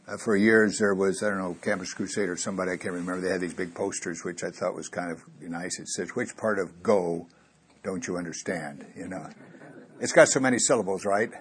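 Husky-voiced man preaching with rising emphasis. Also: fairly low pitch. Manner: animated, rising loud on quoted scripture. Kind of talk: sermon.

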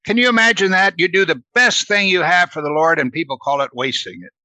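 Man, Bible study teacher, chatty and earnest, bright tone, close and dry. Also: sits high, lively intonation, a little fast, no room sound. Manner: earnest, asks the listeners questions, adds "right?".

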